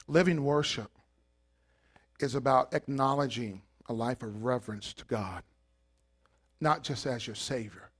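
A man preaching a sermon, animated and acting out voices, rising to shouted peaks. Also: medium pitch. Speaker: pastor.

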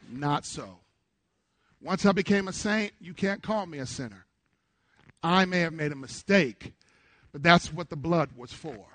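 A middle-aged male pastor preaching a sermon to his congregation in church, with call-and-response that swells into shouts. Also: a little high, animated, measured pace, pauses often, dry recording.

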